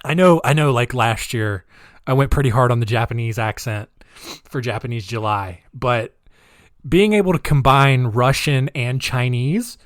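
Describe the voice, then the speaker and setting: A man's voice: medium pitch, no room sound, studio quality. A man hosting a podcast, telling a true-crime story casually with a sarcastic, giggly, incredulous manner. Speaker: podcast host.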